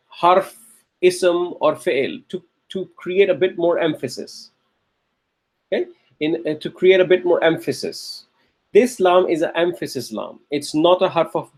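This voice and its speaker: A man lecturing a grammar class, repeating key phrases and checking in with the students as he goes. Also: fairly high pitch. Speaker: Arabic grammar teacher.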